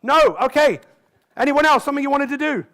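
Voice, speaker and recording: On a conference stage, a high-pitched male motivational speaker gives a lively live talk. He keeps peppering the crowd with quick questions.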